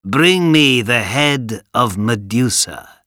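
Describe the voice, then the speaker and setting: A man's voice: mid-range voice, expressive, slow, bright, forceful tone, dry recording, studio quality. A man playing a scheming greedy king.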